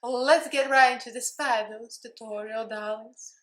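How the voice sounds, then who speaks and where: A woman's voice: mid-range voice, normal speed, reverberant, heavy background noise. A woman in her thirties with a Russian accent, chatting playfully and giggling as she hosts her own makeup tutorial. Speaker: makeup vlogger. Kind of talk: casual makeup tutorial chat.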